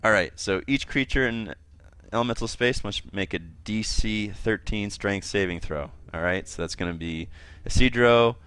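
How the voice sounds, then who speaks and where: A deep-voiced man is running a tabletop game over voice chat, talking casually and working out rules aloud. Faint room hum sits behind him. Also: normal speed, few pauses, fairly bright tone. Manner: casual, laughing often, thinking aloud with fillers. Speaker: game master.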